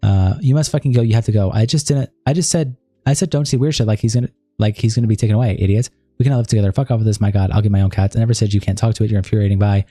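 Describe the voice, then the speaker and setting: A man hosting a livestream, quickly reading text messages and written statements aloud. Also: on the low side, warm tone, breathy edge, dry recording, soft background music. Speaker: livestream host.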